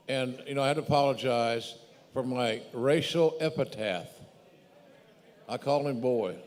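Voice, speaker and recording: A man hosting a podcast, telling his own story in a measured, opinionated way. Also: medium pitch, a little mellow. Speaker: podcast host. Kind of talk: podcast conversation. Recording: long hall reverb.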